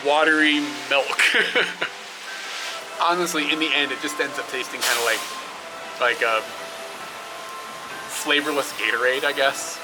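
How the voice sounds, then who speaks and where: A man's voice: medium pitch, fairly even intonation, normal speed, pauses often, music in the background, rough recording. A young man talking casually to his camera outdoors, rambling with fillers and laughing often. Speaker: travel vlogger. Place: outdoors by roads and rest stops. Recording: outdoor camera audio with clear traffic noise.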